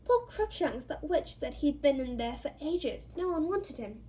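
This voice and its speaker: A woman voicing a clever, bossy teenage girl in a read-aloud novel, brisk and fussing. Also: high voice, lively intonation, mellow, pitched above the performer's own voice.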